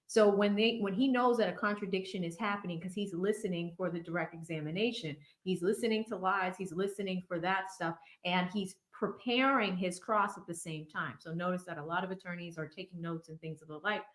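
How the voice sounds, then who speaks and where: A woman's voice: lowish voice, brisk, few pauses. A woman in her thirties with a Boston accent, hosting a casual, chatty commentary stream. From Boston area. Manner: chatty, conversational, full of fillers. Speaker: legal commentary host. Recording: roomy echo.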